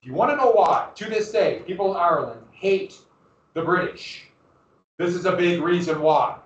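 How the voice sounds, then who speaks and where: A man teaching a history class in a classroom, lecturing lively and often asking his students questions. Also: high voice, moderate pace. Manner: lively, asks the class questions, restarts phrases. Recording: roomy, distant, dull classroom recording.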